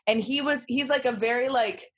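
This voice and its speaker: A woman's voice: fairly high pitch, moderate pace. A woman co-hosting a podcast in casual chat, telling stories with lots of fillers and laughter. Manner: giggly, animated storyteller with lots of fillers. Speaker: podcast co-host.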